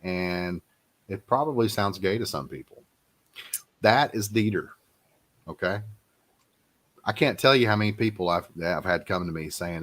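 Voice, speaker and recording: Low-voiced man, casual podcast chat. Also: lively intonation, normal speed, long pauses, a bit bright.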